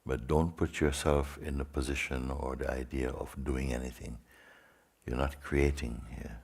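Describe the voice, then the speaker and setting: A man as a spiritual teacher leading a guided meditation in slow, sparse phrases with long pauses. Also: extremely low pitch, flat delivery, creaky, a little mellow, breathy edge.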